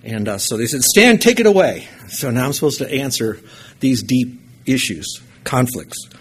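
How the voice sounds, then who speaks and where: Husky-voiced man preaching a sermon. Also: medium pitch, moderate pace. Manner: storytelling, animated bursts of emphasis.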